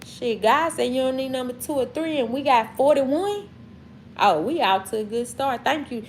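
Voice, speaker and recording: A woman's voice: high-pitched, expressive, normal speed, darkish tone, slight background noise. A woman from Mississippi with a Southern accent, talking casually and emphatically to her livestream chat, repeating herself for effect. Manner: preachy, repetitive, emphatic. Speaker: livestream host.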